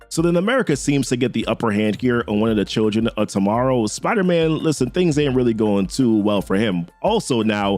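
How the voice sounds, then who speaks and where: A man casually recapping a comic book story in a slangy, conversational way. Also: medium pitch. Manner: slangy, conversational, lively delivery.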